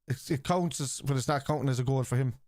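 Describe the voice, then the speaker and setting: Talking fast in a medium-pitched voice, this Scouse streamer hosts a live football watchalong. He reacts to the game, bluntly argues with chat viewers, swears freely and yells out player names, all in a dry, clean studio recording.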